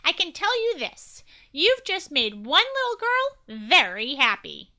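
A woman's voice: high voice, huge pitch swings, measured pace, sharp tone, pitched above the performer's own voice, heavily acted. A woman voicing a kindly, reassuring grown-up male agent in a children's story.

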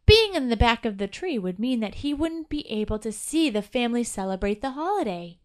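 A woman's voice: on the high side, sing-song, fairly quick. A woman narrating a children's Christmas story aloud.

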